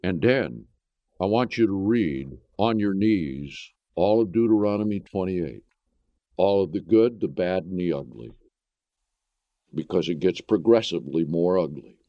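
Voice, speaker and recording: A man's voice: low-pitched, expressive, measured pace, no room sound. A man preaching a sermon, emphatic and full of rhetorical questions. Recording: dull lo-fi recording.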